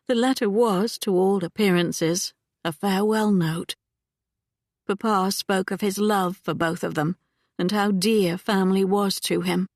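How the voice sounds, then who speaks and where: A woman reads a historical romance audiobook in a calm, measured voice of middle pitch. She takes her time with every phrase, and the recording is dry and close with no room sound. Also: gravelly, no echo. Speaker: audiobook narrator. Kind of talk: scripted narration.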